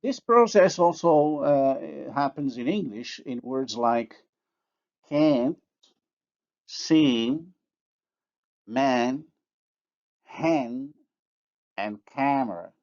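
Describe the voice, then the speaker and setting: A man's voice: mid-range voice, animated, darkish tone. A man giving a recorded linguistics lecture, who carefully sounds out each example word. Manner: slow, deliberate, carefully sounds out example words. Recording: dull lo-fi recording.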